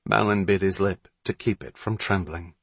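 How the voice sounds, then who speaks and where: A man narrating a story in a measured, suspenseful reading. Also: low voice, steady tone, gravelly, breathy edge, no room sound. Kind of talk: audiobook narration.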